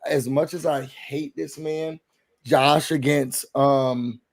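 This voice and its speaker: A man hosts a laid-back podcast chat at medium pitch, taking his time as he talks. Still animated, he dramatizes what other people said.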